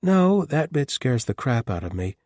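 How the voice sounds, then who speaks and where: A man's voice: mid-range voice, sing-song, normal speed, darkish tone, dry recording, studio quality, voice pushed up, lightly acted. A man doing a wry, teasing nun. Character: tall, blunt, good-humored woman lay sister.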